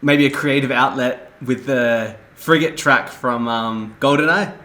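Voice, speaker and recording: A man's voice: mid-range voice, unhurried, pushed and bright. A man hosting a podcast, asking a long, meandering question in a casual way. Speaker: podcast host. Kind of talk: casual interview.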